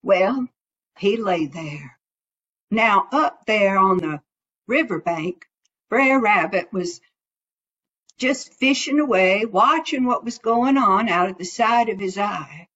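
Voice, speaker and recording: A woman telling a folktale in a slow folksy drawl, on a dull lo-fi recording. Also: medium pitch, animated, fairly bright tone. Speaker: storyteller. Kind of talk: folktale storytelling.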